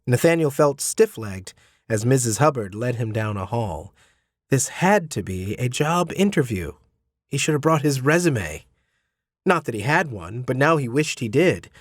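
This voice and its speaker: Man, audiobook narrator, steady measured reading, dry sound. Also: mid-range voice, no room sound. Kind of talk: scripted narration.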